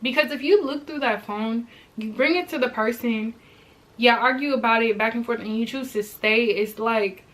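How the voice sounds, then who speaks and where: A young woman vlogger telling a personal story in a chatty, animated way, often turning to her viewers. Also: fairly high pitch, normal speed. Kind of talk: storytime vlog.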